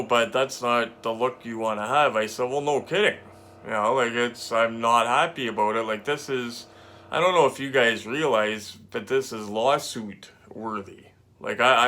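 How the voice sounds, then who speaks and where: Male vlogger, mid-pitched, indignant storyteller, quotes dialogue as he goes. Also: a bit bright. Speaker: collectibles vlogger. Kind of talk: casual storytelling to camera.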